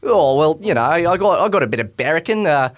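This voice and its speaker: A man's voice: on the high side, expressive, brisk, soft background music, close to an everyday voice. A man playing a laid-back young male knight in a comedy sketch, with an Australian accent and a bumbling, easygoing way of talking.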